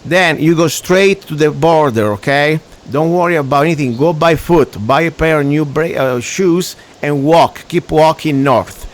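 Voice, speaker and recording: Italian guy ranting on his radio show, kinda high pitched, choppy english. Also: normal speed, hardly any pauses. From Italy. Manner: ranting, emphatic, broken English. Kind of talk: opinionated radio talk.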